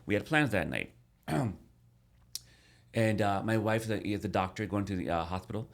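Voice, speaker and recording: A man in his thirties, a podcast guest, telling a personal story in a casual, animated way with many restarts. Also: on the low side, moderate pace.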